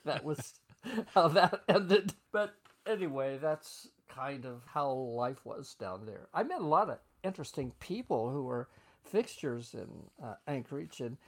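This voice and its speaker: This is an older man sitting for an oral history interview. He talks in a loose, chatty way and laughs often as he tells his stories. His voice sits at a middling pitch for a man. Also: expressive, measured pace. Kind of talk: reminiscing storytelling.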